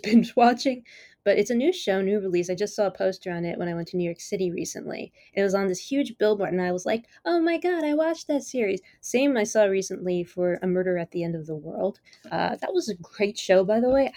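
A woman chats on her own podcast, rambling enthusiastically and amused easily, with plenty of "like" and "you know." Her mid-range voice has a dark tone, recorded dry with clean studio sound.

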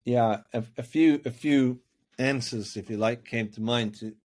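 A man in an earnest podcast conversation, speaking at an ordinary middle pitch. He sounds reflective and repeats himself as he works toward his point. His tone is that of a coach explaining an idea. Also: a little slow, a little mellow. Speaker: life coach guest.

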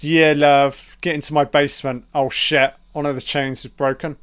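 A man giving a crude, profane, excitable running commentary on a film, calling the characters love and baby. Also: a little high, moderate pace, clean tone.

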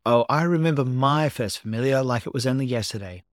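A man voicing an elegant, gracious gothic mother who speaks gently and politely in a dry, close recording. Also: medium pitch, brisk, dry recording, natural voice.

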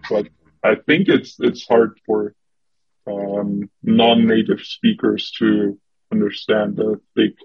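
A man chatting in English as a guest, slow and halting, with lots of "uh" and restarted sentences. His voice is low-pitched and a little husky, held on a flat, even line. The recording is dry and slightly muffled. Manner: hesitant, many fillers and restarts. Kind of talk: casual conversation.

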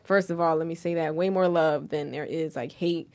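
Animated woman speaking emphatically. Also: deep voice, normal speed. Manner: animated, emphatic, laughs often. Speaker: guest, singer. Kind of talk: casual interview chat.

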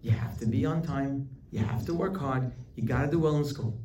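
A man's voice: medium pitch, normal speed, warm tone, a little hiss or hum, lightly acted. Man as insistent, bargaining father; everyday voice, roomy distant sound. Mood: coaxing. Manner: coaxing, insistent. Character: demanding father bargaining with his son. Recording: roomy, distant mic, faint ambience.

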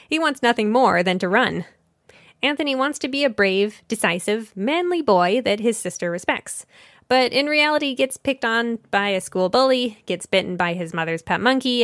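A woman's voice: medium pitch, a bit bright, no echo, clean studio sound. Woman casually discussing a children's book. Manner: conversational, thinks aloud with small self-corrections. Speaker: children's book podcast host.

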